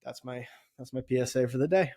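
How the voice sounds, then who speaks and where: A man's voice: mid-range voice, fast. A middle-aged man co-hosting a podcast, telling a story casually with lots of swearing, his voice climbing sharply when he gets indignant. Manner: animated, swears often, voice rises when indignant. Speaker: podcast co-host.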